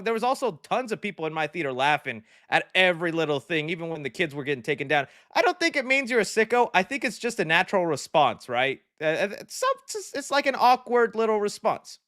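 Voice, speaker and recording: A man's voice: dry recording, clean studio sound. A young man hosting a live movie discussion stream, reading viewer comments in casual chat and laughing often. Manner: excitable, laughs often, animated shifts in pitch.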